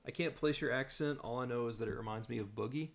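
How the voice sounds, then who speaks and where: A man's voice: medium pitch, fast talker, vocal fry. A young man from southern Virginia, hosting a loose live-stream chat, rambling with lots of fillers as he reads and answers comments. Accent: General American with slight Southern Virginia tinge.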